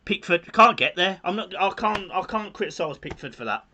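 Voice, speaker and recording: A man with a Brummy accent co-hosting a football watch-along, reacting excitedly to the match and breaking down the defending in casual speech. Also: high-pitched, brisk, dull audio, a little hiss or hum. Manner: excitable and animated in reacting to goals, swearing freely. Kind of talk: live football reaction commentary.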